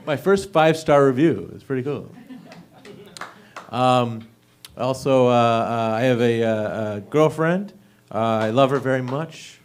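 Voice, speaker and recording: A man's voice: medium pitch, a little slow. A young man performing a stand-up set at an open mic, with an awkward, self-deprecating delivery full of fillers. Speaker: stand-up comedian. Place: comedy club stage.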